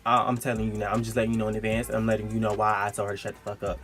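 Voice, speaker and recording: Young man, storytime vlog, casual slangy storytelling, animated delivery, faint music behind. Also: rapid-fire. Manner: animated, slangy, jumps into high-pitched quoted outbursts. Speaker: storytime vlogger.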